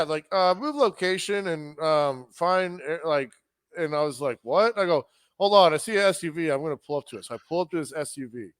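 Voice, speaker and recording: A man's voice: fairly high pitch, no room sound, studio quality. A man co-hosting a podcast who tells rambling, profane stories and acts out the dialogue in casual chat. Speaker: podcast co-host.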